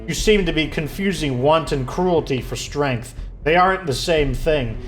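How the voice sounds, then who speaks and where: A man's voice: on the high side, moderate pace, soft background music, lightly acted. A man reading aloud the earnest, firm lines of a resolute young noblewoman leader from a video game. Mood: accusing.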